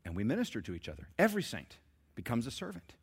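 A middle-aged man preaching a sermon in church, emphatic and repetitive, building to shouts. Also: mid-range voice, wildly swooping pitch, fast talker, husky. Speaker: pastor. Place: church sanctuary, live service.

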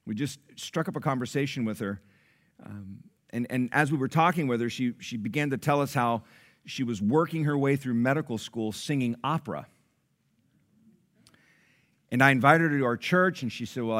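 A middle-aged man preaching a sermon, telling a story with loud excited bursts and soft low asides. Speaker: pastor.

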